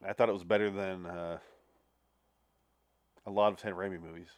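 A man's voice: low-pitched, fairly even intonation, moderate pace, no room sound. A man hosting a casual podcast conversation, recorded dry and close. He talks bluntly and jokes a lot, swearing freely as he rants. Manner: blunt, profane, joking. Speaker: podcast host. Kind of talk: casual chat.

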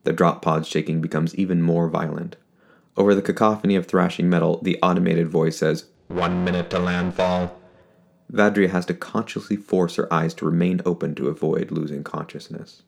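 Deep, gravelly male story narrator. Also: fairly even intonation, fairly quick, a little mellow. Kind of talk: scripted fiction narration.

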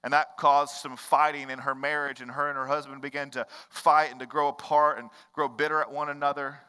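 A man preaching a sermon as pastor, moving from hushed storytelling to impassioned, rising preaching with repetitive rhetorical cadence. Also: mid-range voice, level tone, brisk, clear, resonant tone. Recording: long hall reverb.

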